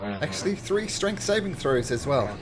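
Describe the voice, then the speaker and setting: A man narrates as game master, animated and chuckling as he corrects himself on the fly. His pitch rises and falls a lot. Chatter runs in the background. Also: normal speed.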